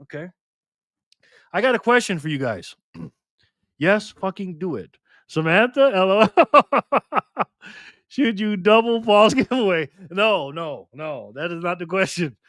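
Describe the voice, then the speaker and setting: A man's voice: sits high, fairly bright tone, no room sound, studio quality. A tired man hosting a casual livestream, laughing often as he reads chat aloud. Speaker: livestream host.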